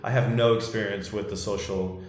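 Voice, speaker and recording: A man hosting a podcast in casual chat, relaxed and questioning, swearing now and then. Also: fairly low pitch, normal speed. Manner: laid-back, swearing, asks questions. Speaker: podcast host. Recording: echoey room.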